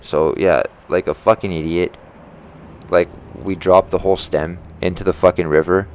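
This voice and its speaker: A man's voice: deep voice, fairly even intonation, moderate pace, a little hiss or hum. A man who works in tree service, telling a profane, exasperated and rambling story about a bad customer. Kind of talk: ranting storytime vlog.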